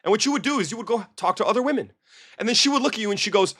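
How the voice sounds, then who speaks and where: A man's voice: high-pitched, animated, racing, pushed and bright, slightly rough. A man coaching men on dating in a blunt, emphatic monologue, full of rhetorical questions. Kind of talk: direct-to-camera advice monologue.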